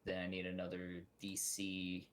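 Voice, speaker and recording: A man's voice: low-pitched, unhurried. A man running a tabletop game as dungeon master, calling out rolls and narrating the results casually. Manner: casual, chuckling, relaxed narration of dice results.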